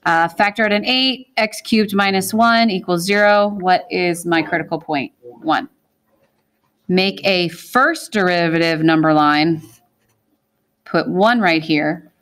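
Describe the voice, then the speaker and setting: A woman's voice: fairly low pitch, a bit bright. A woman teaching a math class in a classroom, walking students through problems and asking them questions as she goes. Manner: brisk, asks the class questions and answers them.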